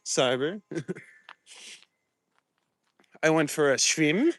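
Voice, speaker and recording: A man's voice: a little high, unhurried, pauses often, fairly bright tone. A man hosting a live stream as he walks outdoors at night, chatting loosely with viewers on his phone, greeting them and laughing easily. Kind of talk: casual live-stream chat. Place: outdoors at night, walking the streets. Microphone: phone camera.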